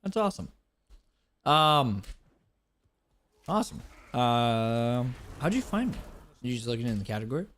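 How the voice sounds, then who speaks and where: A young man talking casually on a live stream, his pitch rising and falling a lot. He laughs loudly, swears casually and keeps thanking his viewers. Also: sing-song, a little slow, pauses often. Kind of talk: casual live-stream chat reacting to a clip.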